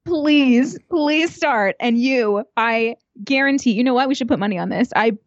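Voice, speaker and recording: A woman's voice: fairly high pitch, moderate pace, no room sound, highs cut off. A Canadian woman chatting casually, telling funny stories, laughing often and swearing freely. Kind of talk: casual chat.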